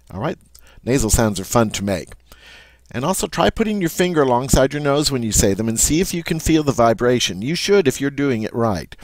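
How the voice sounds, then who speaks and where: A man's voice: medium pitch, darkish tone, no echo. A man teaching French pronunciation, patiently modeling each sound and checking in with "all right?" as he goes. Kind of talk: pronunciation lesson.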